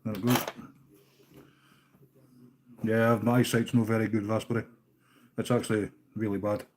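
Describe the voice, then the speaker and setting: A man's voice: fairly low pitch, little pitch movement, moderate pace, slight background noise. A Scottish man hosting a live stream, chatting casually with viewers as he ties fishing flies, easygoing and now and then swearing. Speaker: livestream host tying fishing flies. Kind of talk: casual live-chat while working.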